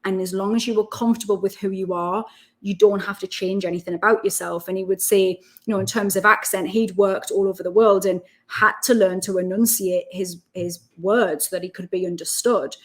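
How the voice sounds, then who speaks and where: A woman with a Geordie accent, from Newcastle, chatting as an interview guest and telling lively stories. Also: medium pitch, a little fast. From Newcastle, North East England. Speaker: guest, self-development coach. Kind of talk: casual interview chat.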